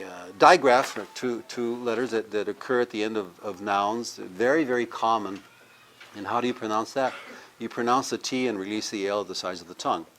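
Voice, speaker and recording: A man's voice: lowish voice, fairly bright tone, slight background noise. A man, a university professor, giving a live language lecture, explaining step by step and having the audience repeat words after him. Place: cultural center with a live audience.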